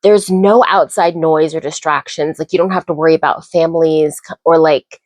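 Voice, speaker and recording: Chatty woman with a low voice, dry sound. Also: fairly even intonation, normal speed, a little mellow, no room sound. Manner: chatty and opinionated, heated when ranting. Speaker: vlogger. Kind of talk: casual bedtime chat.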